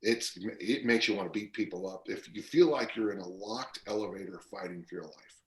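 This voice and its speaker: A man in his sixties, speaking as a guest on a podcast. His voice sits very low, and he wanders through anecdotes with plenty of fillers and restarts. The recording carries a roomy echo. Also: a little fast. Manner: rambling storyteller with fillers and restarts. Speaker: guest strength coach. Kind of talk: casual podcast interview.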